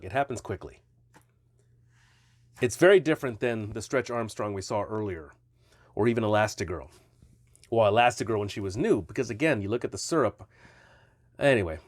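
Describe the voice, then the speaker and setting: A man with a fairly low voice casually reviews stretchy toy figures, rambling along and often correcting himself mid-sentence. The recording is dry, with clean studio sound.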